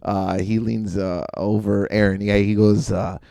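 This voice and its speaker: Animated Canadian-born man telling a story. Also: lowish voice, unhurried, vocal fry, no room sound. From Windsor, Canada. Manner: animated, acts out other people's lines. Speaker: podcast guest, comedian. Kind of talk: casual storytelling chat.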